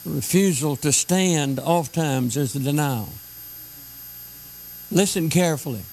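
A man preaching a sermon, slowing down to stress scripture lines. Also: fairly high pitch, a little mellow, low-quality recording. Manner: emphatic, slows down to stress scripture.

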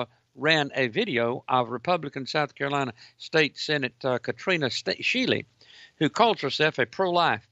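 A man's voice: mid-range voice, bright, forceful tone, no echo. A man hosting Christian call-in talk radio, giving indignant, preaching commentary. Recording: dull lo-fi broadcast audio.

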